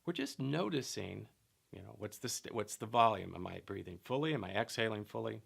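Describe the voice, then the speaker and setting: A middle-aged man teaching in a calm, measured way, explaining a method with personal anecdotes. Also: fairly low pitch, vocal fry, breathy edge.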